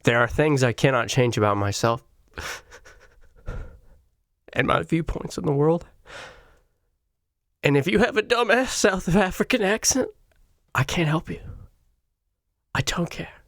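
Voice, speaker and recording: Male podcast host, sarcastic and foul-mouthed solo ranter; slow delivery, dry close mic. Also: fairly high pitch, expressive, fairly bright tone, no echo. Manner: profane, sarcastic, ranting. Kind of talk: solo comedy podcast rant.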